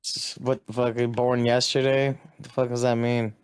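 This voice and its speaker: A young man co-hosting a casual chat, cracking slow sarcastic jokes and swearing freely. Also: mid-range voice, little pitch movement, clear, resonant tone, no room sound, clean studio sound. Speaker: co-host. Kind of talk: casual chat, joking commentary.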